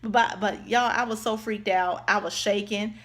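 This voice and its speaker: A woman telling a casual storytime vlog. She tells it in an animated way, acts out the voices of other people and keeps calling her viewers y'all. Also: mid-range voice, moderate pace. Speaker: vlogger.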